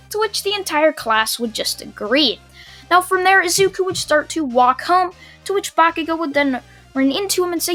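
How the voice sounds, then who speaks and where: A high-voiced teenage girl narrating a homemade anime what-if story in a loose, rambling way. She fills gaps with "uh" and "now, from there," and drifts into chatty asides. Faint music plays underneath. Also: animated, moderate pace, pushed and bright. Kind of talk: casual fan-story narration.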